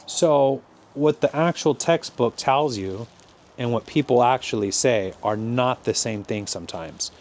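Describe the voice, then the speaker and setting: An American man from California talks through an English lesson at a slow, careful pace. His pitch sits in an ordinary middle range for a man. He explains things in a deliberate, encouraging way that suits listening practice. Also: a little mellow. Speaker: English teacher. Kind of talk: slow teaching monologue.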